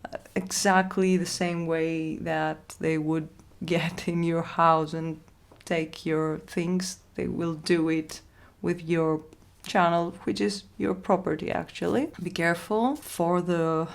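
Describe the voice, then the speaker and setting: Woman, lowish voice, slow, raspy, hoarse from illness, halting vlog talk. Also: steady tone. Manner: halting, repeats herself, soft laughs. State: losing her voice from illness. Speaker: ASMR channel host. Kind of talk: emotional casual vlog talk.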